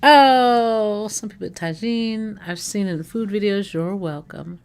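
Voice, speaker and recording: Here the American livestream host's voice is mid-range and smooth, and she takes her time. She chats easily with her audience, bubbling over about food while rambling, using fillers and fixing her own words.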